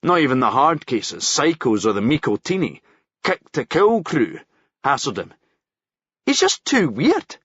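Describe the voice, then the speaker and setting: A man's voice: mid-range voice, huge pitch swings, measured pace, a bit bright, slightly rough, no echo, muffled recording, exaggerated voice. A man reading a novel aloud, voicing a worried man in a criminal crew who speaks in an anxious, warning way.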